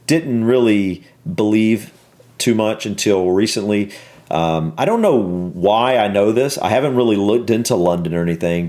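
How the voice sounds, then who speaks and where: A man with a Southern American accent, reacting to a video in casual, rambling commentary full of pauses and ums. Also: deep voice, a little mellow. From Southern United States. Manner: rambling, halting with many ums.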